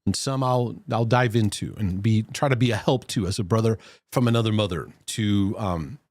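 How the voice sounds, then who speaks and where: A man's voice: fairly low pitch, normal speed, darkish tone, dry recording. A man hosting a Christian mental health livestream, chatting casually and greeting viewers by name. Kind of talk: casual live-stream talk.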